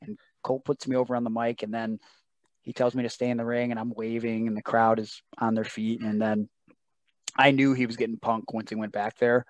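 An earnest man recounting a heartfelt story as a podcast guest, his voice sitting at an ordinary middle pitch. The recording is dry and close, with no room sound around him. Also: little pitch movement, fairly quick, dry recording. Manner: emotional, earnest storytelling with quoted dialogue. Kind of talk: casual storytelling interview.

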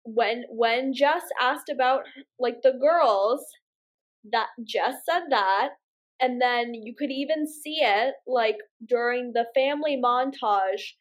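Podcast co-host, woman, higher voice, animated slangy casual chat with swearing. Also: takes it slowly.

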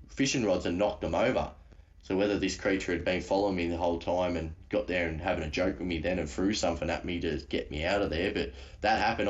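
A man with an Australian accent tells his story casually, full of slang and restarts. His voice sits very low, and the call audio sounds dull and lo-fi. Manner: rambling, slangy, many restarts. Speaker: guest caller.

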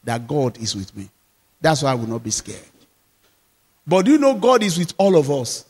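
A man, a pastor, preaching a sermon, repeating phrases and leading the congregation in call-and-response, moving between loud declarations and quiet asides. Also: a little high, big pitch swings, moderate pace, breathy edge, in a large hall.

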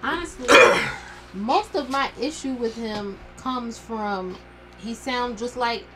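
A woman's voice: on the high side, takes it slowly, very noisy. A woman co-hosting a podcast in casual chat, teasing and blunt in her opinions. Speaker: podcast co-host.

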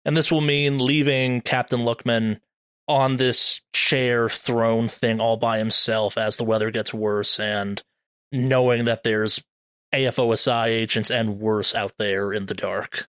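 A man running a tabletop horror game as game master, narrating in a measured way with slow dramatic beats. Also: medium pitch, fairly even intonation, fairly bright tone, clear, resonant tone, dry recording.

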